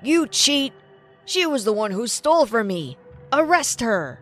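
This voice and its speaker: A woman's voice: high-pitched, very animated, normal speed, faint music behind. A woman doing a furious male pawnbroker. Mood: accusing. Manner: loud, accusing. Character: angry male pawn shop owner.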